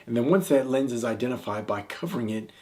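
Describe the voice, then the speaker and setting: A man's voice: mid-range voice, expressive, quick pace, darkish tone. A man giving a seated, direct-to-camera coaching tutorial, talking conversationally and often checking in with "all right?". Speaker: video confidence coach. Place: indoors, seated.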